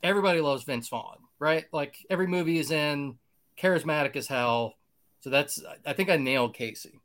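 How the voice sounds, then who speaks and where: A man's voice: a little high, brisk, a bit bright. A man co-hosting a podcast in casual chat, joking and laughing often. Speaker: podcast co-host.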